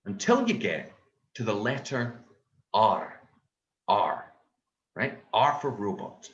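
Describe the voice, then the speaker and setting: A Scottish comedian delivers a stand-up set, telling his story in an animated, sweary way. His voice swoops widely up and down. It rings out in a roomy, echoey space. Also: lowish voice, takes it slowly, lo-fi sound. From Scotland.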